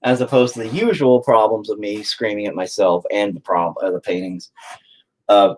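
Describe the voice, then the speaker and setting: A man's voice: fairly low pitch, moderate pace, low-quality recording. A man chatting casually and profanely while painting on a livestream, rambling and joking. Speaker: streamer painting on camera.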